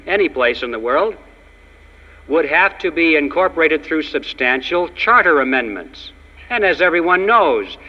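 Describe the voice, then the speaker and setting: Emphatic male orator, fairly high voice, long-reverb hall, dull lo-fi archive sound. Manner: emphatic, ironic, tells jokes. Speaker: public speaker. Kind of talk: political speech to an audience.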